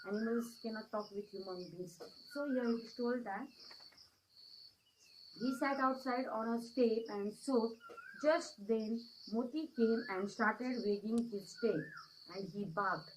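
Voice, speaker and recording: Brief: Indian-accented woman teacher, fairly high pitch, patient, repeats and quizzes the class. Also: measured pace, slight background noise, rough recording. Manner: repetitive, checks understanding with questions. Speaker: schoolteacher. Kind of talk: English lesson story reading.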